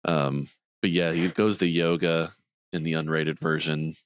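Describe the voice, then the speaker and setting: A man's flat, slightly slow delivery comes through clear and resonant, with no room sound, as he co-hosts a casual movie recap chat on a podcast. Retelling scenes, he acts out the characters' lines by raising his voice higher.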